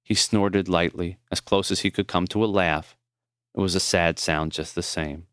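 Reading his own memoir for an audiobook, a man uses a low, smooth, resonant voice with a steady, slightly bright tone. His storytelling is measured and tender, and the close, dry recording has no room sound.

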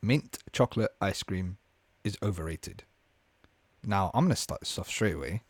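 A man's voice: low voice, lively intonation, moderate pace, no room sound. A young man hosting a casual podcast with friends, bantering and laughing often. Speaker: podcast host.

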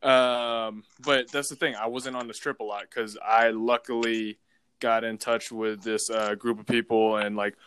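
A man's voice: mid-range voice, level tone, measured pace, fairly bright tone, a little hiss or hum. A man telling a long casual story, rambling with lots of fillers and the odd swear word. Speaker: podcast host telling stories. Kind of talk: casual chat.

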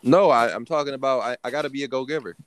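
A man's voice: medium pitch, racing, dry recording. A young man co-hosting a casual podcast, joking crudely and swearing freely. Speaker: podcast co-host.

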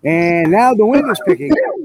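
A man's voice: sits high, huge pitch swings, moderate pace, background noise. A man hosting a live outdoor investigation, talking casually and thinking aloud. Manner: talkative, thinks aloud, imitates animal calls. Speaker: field investigator hosting a live audio session. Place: outdoors at night with wind.

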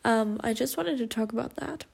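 A woman's voice: on the high side, moderate pace, creaky, a little mellow. A young woman hosting her own podcast, chatting casually and emotionally, rambling with many fillers and restarts. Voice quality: rambling, lots of fillers and self-corrections. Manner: emotional, confessional, laughs often. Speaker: podcast host. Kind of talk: casual solo podcast chat.

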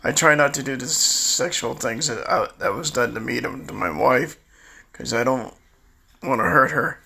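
Older man, sixties, heavy gravel and rasp, tense edge, rambling confessional delivery. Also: mid-range voice, moderate pace, bright, forceful tone. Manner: rambling, confessional, restarts often. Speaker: storyteller recounting his life. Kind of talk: candid personal monologue.

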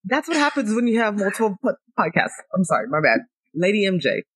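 A woman's voice: medium pitch, big pitch swings, quick pace, husky. A woman in her thirties hosting a podcast in casual chat, playful and laughing, stuffy from a cold. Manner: playful, laughing, self-mocking. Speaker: podcast host.

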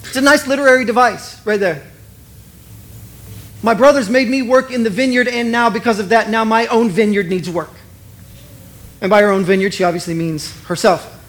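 A middle-aged man preaching a sermon, animated and conversational, acting out both sides of the dialogue he retells. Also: high voice, moderate pace, long pauses. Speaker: pastor.

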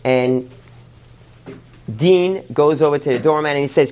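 Male rabbi, sermon storyteller, animated retelling. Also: fairly high pitch. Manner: animated retelling, quick asides.

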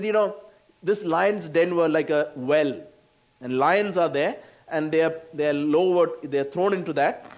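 A man with an Indian English accent preaching a sermon, slow, with frequent laughs and exclamations. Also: high voice.

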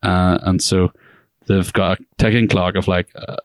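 Give me a deep-voiced man co-hosting a casual movie podcast, rambling and laughing. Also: flat delivery, measured pace, no echo, clean studio sound. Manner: rambling, laughs often, acts out quotes. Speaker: podcast co-host.

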